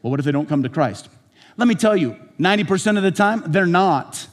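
A man's voice: animated, brisk. Man preaching in a reverberant hall. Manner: conversational preaching, rises in pitch when emphatic. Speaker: pastor. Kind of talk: sermon. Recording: long reverb of a large church hall.

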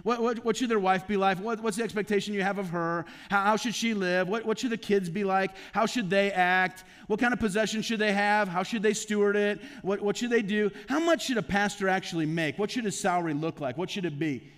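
Male pastor with a high voice, preaching conversationally in rapid rhetorical questions, long church-hall echo. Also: a bit bright. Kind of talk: conversational sermon. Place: church sanctuary.

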